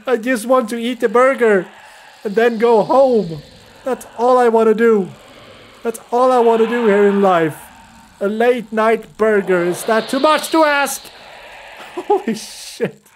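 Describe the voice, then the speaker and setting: Game streamer, male, high voice, slow unhurried delivery, skittish and foul-mouthed while reacting to scares. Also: slight background noise. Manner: jittery, swearing, nervous laughter, talks to himself. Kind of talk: let's play commentary.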